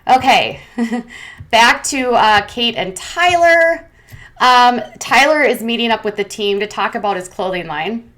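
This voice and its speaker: A woman's voice: on the high side, lively intonation, unhurried, a bit bright. A woman giving a casual, opinionated recap commentary, chatty and full of "um" and "like". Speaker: commentary host.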